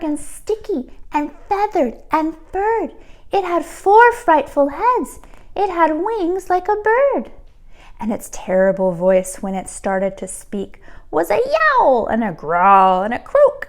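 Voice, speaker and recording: A woman teacher reading a storybook aloud to children, expressive and pausing to ask the listeners questions. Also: high voice.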